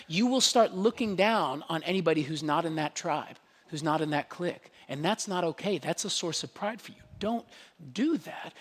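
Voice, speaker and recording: A man preaching a sermon as pastor, animated and dramatizing his points with quick voiced asides. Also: a little high, slightly rough, big-room sound.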